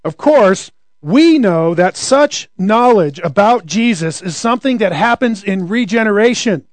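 A man's voice: high voice, animated, a little slow, dry recording. A man preaching a conversational sermon, often asking rhetorical questions.

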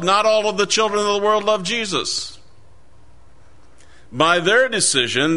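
A middle-aged man preaching a sermon, earnest and emphatic, slowing down to read scripture aloud. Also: a little high, pushed and bright.

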